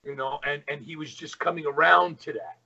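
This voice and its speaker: A man's voice: on the high side, brisk, gravelly, pushed and bright, dull audio. A middle-aged man, a retired pro wrestler, telling stories as an interview guest, rambling with many fillers. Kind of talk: casual interview storytelling.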